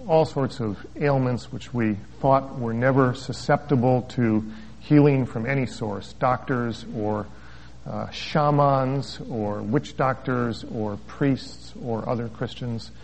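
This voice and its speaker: Wry pastor reading a story aloud. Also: male voice, mid-range voice, slow, gravelly, a little mellow, a little hiss or hum. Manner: storytelling with wry asides, chuckling. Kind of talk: sermon with a read-aloud story. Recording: dull lo-fi recording.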